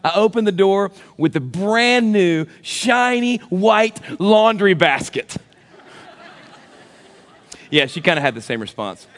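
A man in his thirties, a pastor, giving a sermon with animated, self-deprecating stories. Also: high-pitched, slow pace, long reverb tail. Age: 30s.

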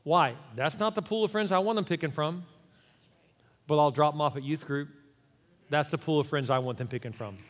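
Animated middle-aged male pastor preaching. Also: fairly high pitch, a little fast, long pauses, big-room sound, slight background noise. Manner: animated, conversational preaching with acted-out quotes. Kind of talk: sermon. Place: church sanctuary.

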